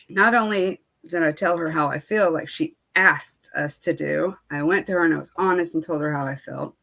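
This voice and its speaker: A woman's voice: on the low side, a bit bright. A woman beauty vlogger telling a storytime in casual chat, candid and venting, with lots of fillers and quoted back-and-forth.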